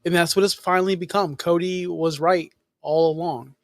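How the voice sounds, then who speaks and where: Slightly high-voiced male podcast co-host. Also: steady tone, normal speed, dry recording. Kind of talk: casual wrestling chat.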